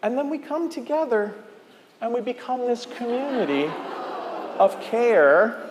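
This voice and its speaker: A man's voice: extremely high pitch, lively intonation, a little slow, noisy background. A man leading a children's time in a church service, asking playful questions and leading a song. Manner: playful, asks questions, sings along. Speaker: director of lifelong faith formation. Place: large church sanctuary. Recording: echoey hall, organ music behind.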